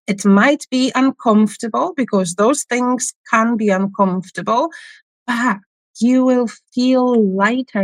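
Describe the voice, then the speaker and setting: Guest therapist, woman, middle-aged, Polish accent with a Scottish lilt, slow and halting, dry close sound. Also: medium pitch, dry recording. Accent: Polish with a Scottish tinge. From Poland. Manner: slow, hesitant, many fillers. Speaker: guest, family constellation therapist. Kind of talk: podcast interview.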